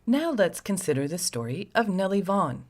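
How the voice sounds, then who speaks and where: A woman's voice: on the low side, big pitch swings, moderate pace, over music. A woman host narrating a scripted story with sardonic, wry asides to the listener.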